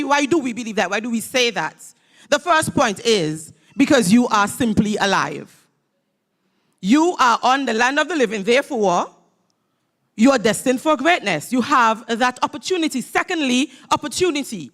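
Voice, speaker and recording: A woman's voice: fairly high pitch, sing-song, moderate pace, a bit bright. A woman giving a motivational graduation address in a church. She speaks emphatically and leads call-and-response with her audience. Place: church hall at a graduation ceremony.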